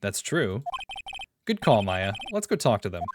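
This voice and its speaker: A man reading a weary young male lawyer in a dry, deadpan low voice, over game music. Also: measured pace, background noise.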